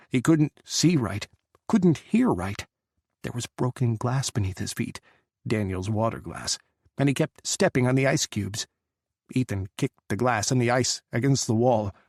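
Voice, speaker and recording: A man narrating a romance audiobook in a measured, dramatic way. His voice sits at an everyday middle pitch, close to the mic in a dry, deadened studio. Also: darkish tone, no room sound.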